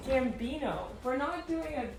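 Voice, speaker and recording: A woman's voice: high-pitched, animated, normal speed, soft background music. A woman hosting a casual vlog, chatty, laughing and swearing a little. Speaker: video host.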